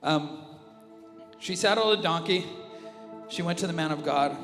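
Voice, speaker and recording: A male pastor preaching an animated sermon, dropping to a hush and then rising loud again. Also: a little high, unhurried. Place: church auditorium with reverb. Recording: live church audio with long reverb and music underneath. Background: worship music.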